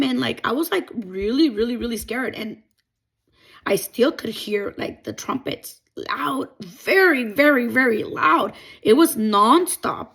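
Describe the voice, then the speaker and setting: Young woman telling her faith story, kinda gravelly, lots of likes and ums, emotional. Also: a little high, expressive, unhurried, a bit bright. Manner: emotional, rambling retelling with many fillers. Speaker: testimony vlogger. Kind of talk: personal faith testimony.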